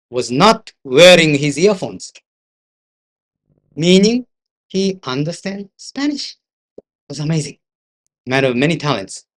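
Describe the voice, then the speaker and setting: His voice is on the high side and a bit bright. An older interpreter with a Japanese accent, he gives a seminar lecture woven from anecdotes, at times shifting into Japanese.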